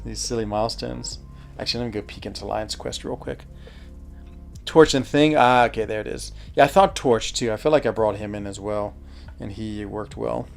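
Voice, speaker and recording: A man's voice: medium pitch, creaky. A man chatting casually while streaming a mobile game, thinking aloud, answering chat and laughing easily. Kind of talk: casual live gameplay commentary.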